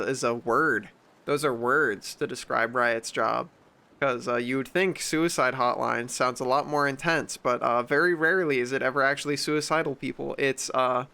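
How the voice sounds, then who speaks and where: Young streamer dude, rambly and sarcastic, clear bright voice, talks into a streaming mic. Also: male voice, medium pitch. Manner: rambling, sarcastic, swears a lot. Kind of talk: casual chat.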